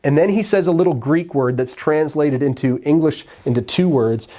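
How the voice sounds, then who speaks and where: A man's voice: fairly high pitch, a little fast, hardly any pauses, mellow. A male pastor preaching a sermon in an emphatic, conversational storytelling way.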